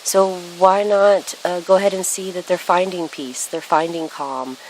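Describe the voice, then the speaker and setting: A middle-aged woman speaking in a reflective, earnest way, often pausing with fillers and restarting her sentences. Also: fairly low pitch, fairly even intonation, rough recording. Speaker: spiritual speaker. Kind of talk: casual spiritual monologue. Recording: faint hiss.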